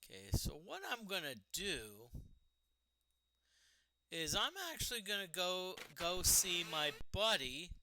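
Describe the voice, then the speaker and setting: A man's voice: sits high, sing-song, slow pace, sharp tone, rough recording. A man casually commenting while streaming a retro role-playing game, chatting to the game and to his party members.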